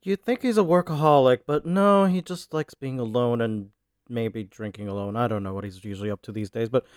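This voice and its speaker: A man's voice: medium pitch, fairly quick, smooth, dry recording, studio quality. A man as a player in a tabletop game, talking loosely with lots of fillers. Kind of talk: casual tabletop role-play.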